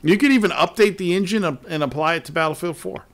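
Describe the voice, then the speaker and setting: A man hosting a gaming podcast in casual chat, laid-back, often trailing off low and laughing. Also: fast talker, a bit bright. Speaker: podcast host.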